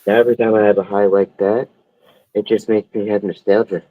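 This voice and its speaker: A man hosting a stream, telling a story in a rambling, profane, animated way. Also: lowish voice, a little fast, no room sound, phone-quality sound. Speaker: stream host. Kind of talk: casual storytelling.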